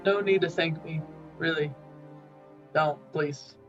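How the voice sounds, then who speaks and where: A man's voice: on the high side, steady tone, slow pace, dull audio, faint music behind. A man playing in a tabletop game, joking and speaking nervously in character with stammers. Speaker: player. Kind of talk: casual tabletop play.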